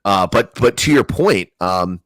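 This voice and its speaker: A man from the New Jersey area, co-hosting a podcast in casual chat, full of profanity and animated storytelling. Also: sits low, a little slow, no room sound. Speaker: podcast co-host.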